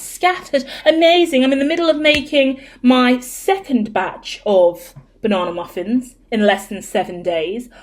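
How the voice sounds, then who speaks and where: A woman doing a casual live tarot reading, chatty, excitable and rambling, with some swearing and a croaky, cracking voice. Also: medium pitch. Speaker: tarot reader.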